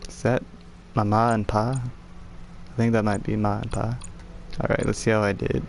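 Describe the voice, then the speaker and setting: A man's voice: on the low side, flat delivery, normal speed, pauses often. A man streaming a game with friends, joking around and reading in-game entries aloud in a playful way.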